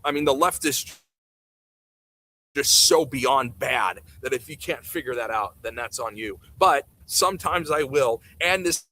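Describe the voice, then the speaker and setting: A man's voice: mid-range voice, a little slow, pushed and bright, rough recording. A man ranting bluntly and sarcastically during casual livestream commentary. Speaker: streamer.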